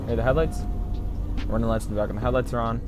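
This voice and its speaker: A man hosting a gaming channel, giving a plain, steady commentary that walks through car features. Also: medium pitch, very fast. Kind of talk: gameplay commentary. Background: faint background music.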